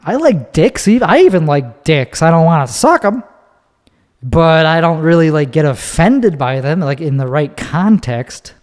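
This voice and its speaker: A man's voice: a little high, very animated, unhurried, big-room sound. A man hosting a solo podcast, talking in a profane, rambling, opinionated way while standing. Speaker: podcast host. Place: recorded standing up.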